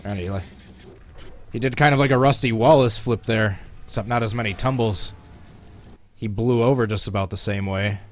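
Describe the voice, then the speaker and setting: A man's voice: on the low side, normal speed, long pauses. A man casually commentating his racing game on a live stream, chatting with viewers and chuckling as he plays. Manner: chatty, chuckling, talks to chat while playing.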